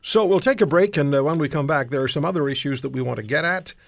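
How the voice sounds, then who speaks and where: A man's voice: on the high side, fast, creaky, no echo. An older man from Canada hosting a casual panel talk show, telling rambling, self-deprecating stories.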